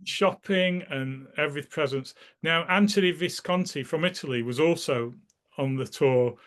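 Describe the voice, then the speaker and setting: A man's voice: on the high side, moderate pace, fairly bright tone. A man being interviewed, casually recalling memories in a rambling way, often restarting his sentences and acting out the people in his stories. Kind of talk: casual spoken recollection.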